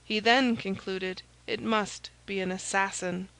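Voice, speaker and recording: Woman audiobook narrator, steady, even delivery. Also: mid-range voice, measured pace, creaky, rough recording. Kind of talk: scripted narration.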